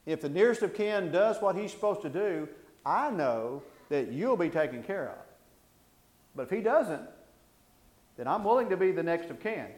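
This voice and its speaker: A middle-aged preacher spins a homespun sermon in a rambling, self-mocking way. His man's voice sits a little high. The sound rings with the echo of a large room. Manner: folksy, rambling, self-deprecating humor. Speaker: pastor. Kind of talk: sermon with personal storytelling. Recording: roomy echo.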